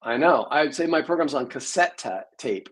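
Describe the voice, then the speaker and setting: A man's voice: medium pitch, animated, moderate pace, fairly bright tone, breathy edge, poor audio. A man in his sixties, a programmer, telling rambling stories in a casual interview. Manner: rambling storyteller, many fillers.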